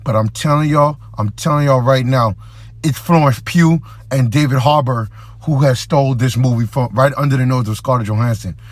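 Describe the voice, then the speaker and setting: A man's voice: medium pitch, normal speed, no echo. A man hosting his own movie review channel, talking casually and enthusiastically in slangy, conversational speech.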